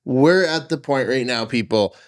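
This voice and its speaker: A man's voice: medium pitch, normal speed. A man co-hosting a casual podcast who talks in a crude, joking way and swears freely. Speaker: podcast co-host. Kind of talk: casual chat.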